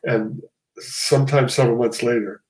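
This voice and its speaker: A man's voice: medium pitch, steady tone, normal speed, echoey room, poor audio. A man, a comic artist guest, talking casually and rambling, often restarting and correcting himself. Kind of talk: casual conversation.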